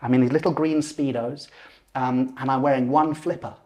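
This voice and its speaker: A man's voice: medium pitch, moderate pace. Man telling a personal story. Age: 40s. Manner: animated, acts out voices and gestures while telling. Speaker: lucid dreaming teacher, podcast guest.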